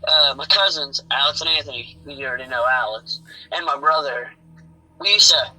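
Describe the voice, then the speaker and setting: A man's voice: a little high, bright, forceful tone, low-quality recording. A man speaking as a guest on a casual podcast, hesitant and laughing often. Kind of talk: casual chat.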